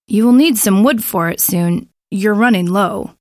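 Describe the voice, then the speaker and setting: A man's voice: sits high, unhurried, no echo, clean studio sound. A woman voicing a shy young man. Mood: shy, friendly. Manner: soft-spoken, shy.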